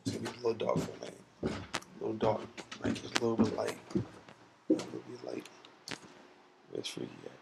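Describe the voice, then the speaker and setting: A young man rambling loosely and profanely at home at night, drifting between loud talk and whispers, recorded on a laptop mic. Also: on the low side, very animated, quick pace, gravelly, long pauses, heavy background noise. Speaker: vlogger. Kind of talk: rambling casual vlog. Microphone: laptop built-in mic.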